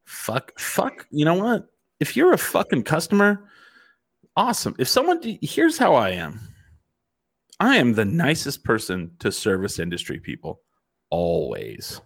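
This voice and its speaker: A middle-aged man telling a profane, animated story in casual chat as a host. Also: mid-range voice, a little slow, creaky, breathy edge.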